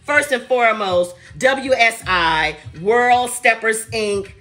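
A woman hosts a live podcast, loud and playful, saying she is tired as she greets viewers by where they are watching from. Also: a little high, slow, soft background music. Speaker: podcast host. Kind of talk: casual live-stream chat.

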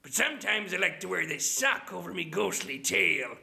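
A man voicing a wailing, ghostly old male sea captain in a cartoon voice impression, shouting in a gravelly voice. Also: high-pitched, expressive, moderate pace, exaggerated voice. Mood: bellowing.

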